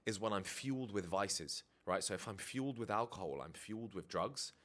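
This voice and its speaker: A man's voice: fairly low pitch, expressive, normal speed, fairly bright tone. Frank man talking candidly to camera. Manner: frank, reflective, swearing casually. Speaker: dating and life coach. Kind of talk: candid confessional talk to camera. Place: indoors with DJ kit behind him.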